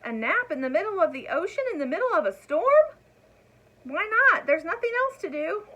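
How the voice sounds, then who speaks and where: A woman's voice: extremely high pitch, big pitch swings, moderate pace, sharp tone, voice pushed up, exaggerated voice, poor audio. A woman voicing a brave, practical little boy in a storybook reading, with an eager, exclaiming delivery. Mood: urgent.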